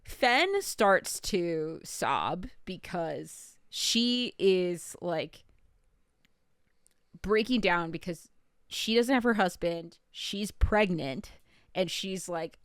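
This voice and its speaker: A woman's voice: on the low side, lively intonation, drawn-out words, smooth, no room sound, clean studio sound. A woman co-hosting a podcast, chatting casually and describing scenes at length with lots of "like"s. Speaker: podcast co-host recapping a show. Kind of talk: casual chat.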